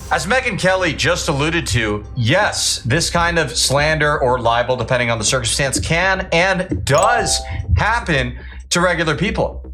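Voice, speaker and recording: A man's voice: on the high side, lively intonation, measured pace, sharp tone, faint music behind. A man hosting a political commentary show, talking bluntly and scornfully. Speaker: commentary host. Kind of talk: opinionated news commentary.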